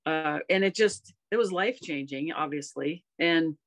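A woman's voice: low voice, normal speed. Earnest woman in her fifties telling stories. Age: 50s. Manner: earnest, rambling, emotional storytelling. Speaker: podcast guest, golf coach. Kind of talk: casual storytelling conversation.

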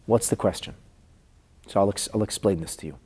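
Earnest rabbi with a dark, husky voice. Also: male voice, fairly low pitch, a little fast. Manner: earnest, emotional storytelling with restarts. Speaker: rabbi teaching Talmud. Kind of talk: Talmud class with personal story.

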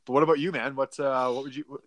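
Young dude rambling thru a story, um and like everywhere, dry close mic. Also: male voice, medium pitch, fairly even intonation, fast talker, fairly bright tone, no echo. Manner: rambling, laughing storyteller with many fillers. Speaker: podcast co-host. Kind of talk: casual chat.

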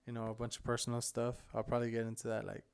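A man's voice: medium pitch, monotone, rapid-fire, gravelly, clear, resonant tone. A young man co-hosting a podcast, telling a rambling story in casual chat, laughing often and swearing freely. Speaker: podcast co-host.

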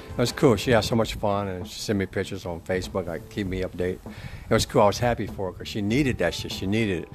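A middle-aged man giving a casual, profane rant as a podcast host, swearing constantly and getting worked up. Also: fairly low pitch. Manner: swears constantly, ranting and animated.

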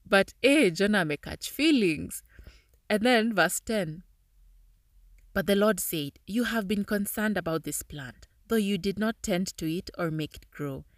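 A woman's voice: mid-range voice, a little slow, dry recording, clean studio sound. A woman hosting a casual podcast, reading a passage aloud and reacting with chatty asides and frequent laughter. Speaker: podcast host.

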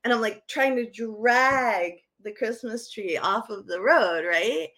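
A woman's voice: on the high side, slow, fairly bright tone. A middle-aged woman co-hosting a live podcast, telling a story dramatically and animatedly. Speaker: podcast co-host.

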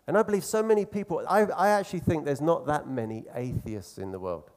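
Earnest preacher, man, fairly high voice. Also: a little mellow. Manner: earnest, conversational preaching with emphatic slow phrases. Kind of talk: sermon.

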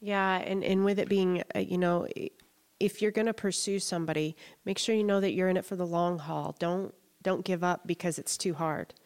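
A woman in a church class giving earnest advice, starting with a few halting restarts. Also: on the low side, steady tone, a little mellow, smooth. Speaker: class participant. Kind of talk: sharing advice in a group.

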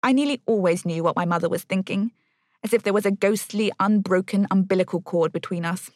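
A woman's voice: medium pitch, fairly quick, darkish tone, dry recording, studio quality. A woman narrating a first-person novel in a wry, bitter tone.

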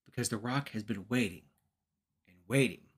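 A man impersonating a cocky, brash male wrestling star in a lowered voice. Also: moderate pace, husky.

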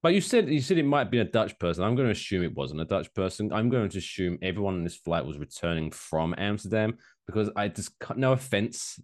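A man co-hosting a casual podcast chat, animated and profane, slipping into mocking quoted voices. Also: on the low side, brisk, hardly any pauses. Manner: animated, swearing, jokey mock quotes. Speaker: podcast co-host.

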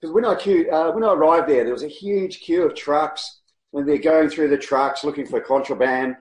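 Lively New man in a roomy space. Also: a little high, normal speed. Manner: animated, laughs often, acts out people in his stories. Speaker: guest, long-distance cyclist. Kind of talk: casual storytelling interview. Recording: roomy echo.

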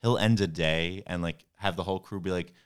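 Male guest, loose rambling talker full of fillers, very deep and resonant. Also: steady tone, brisk, clean tone. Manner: rambling, heavy on "like" and "you know". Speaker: podcast guest. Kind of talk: casual chat.

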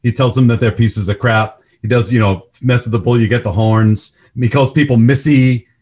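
Emphatic man in casual movie talk. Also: normal speed. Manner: emphatic, animated, rises in pitch for emphasis. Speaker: podcast host.

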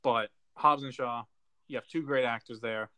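A man's voice: mid-range voice, fairly even intonation, normal speed, sharp tone, no echo. A man co-hosting a casual movie chat, talking with enthusiasm and plenty of fillers. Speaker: podcast co-host.

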